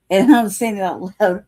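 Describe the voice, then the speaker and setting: Here a woman in her forties speaks in a mid-range, dark-toned voice. As host of a casual livestream, she rambles through a story full of laughter and cursing.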